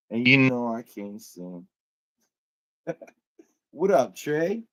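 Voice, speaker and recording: Young man, live stream host, laid-back, slangy, swears freely, mid-pitched voice. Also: big pitch swings, drawn-out words, long pauses, a bit bright. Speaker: livestream host. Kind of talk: casual live stream chat.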